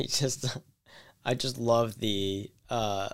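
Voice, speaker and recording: A man's voice: medium pitch, steady tone, extremely slow, smooth. A man co-hosting a podcast, chatting casually and hesitantly, with lots of fillers. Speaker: podcast co-host.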